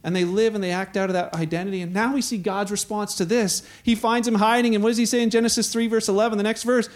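A man's voice: high-pitched, fairly even intonation, quick pace. A man preaching a sermon in a conversational way, acting out the voices he quotes.

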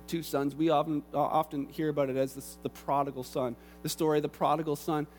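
A man preaching a sermon, telling the story with animated energy and acting out the characters. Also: a little high, fast, soft background music.

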